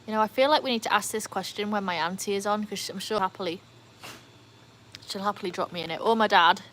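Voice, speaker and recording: A woman's voice: mid-range voice, quick pace, a bit bright, slight background noise, poor audio. A woman chatting casually on a live stream at home, reading out viewer comments. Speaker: livestream host. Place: home, beside a backyard pool.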